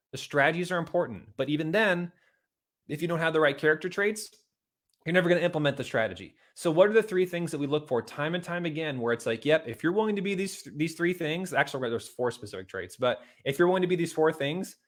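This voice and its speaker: A middle-aged man giving a motivational talk to his viewers, earnest and repetitive, rising to emphatic outbursts. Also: on the high side. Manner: earnest, repeats himself, builds to emphatic outbursts. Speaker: motivational video host.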